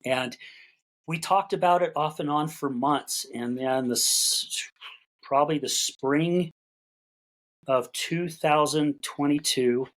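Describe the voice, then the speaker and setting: A man's voice: on the high side, takes it slowly, poor audio. Middle-aged man telling a folksy story. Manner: folksy, repeats words while gathering thoughts; acts out quoted dialogue in conversation. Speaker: podcast guest. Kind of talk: casual storytelling interview.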